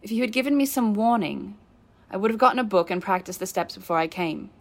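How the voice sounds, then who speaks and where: A woman's voice: medium pitch, lively intonation, quick pace. A woman voicing a proud, stubborn young woman who speaks tightly and sharply when angered. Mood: shaken. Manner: tight, indignant, sharp delivery.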